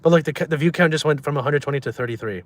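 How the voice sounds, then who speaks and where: A young man livestreaming from his car, reading his chat aloud and answering in a deadpan, trolling way. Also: fairly high pitch, rapid-fire.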